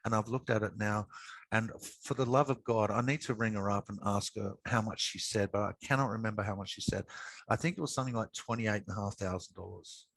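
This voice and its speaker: Low-voiced man telling a story. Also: a little fast, a bit bright, no echo, poor audio. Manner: chatty, repeats words, frequent um and you know. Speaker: guest. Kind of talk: casual storytelling.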